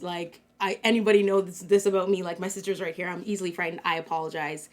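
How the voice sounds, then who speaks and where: A woman's voice: on the low side, steady tone, quick pace, hardly any pauses. A young woman from Canada co-hosting a casual talk show, telling a story in a chatty way with lots of fillers and acted-out quotes. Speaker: co-host.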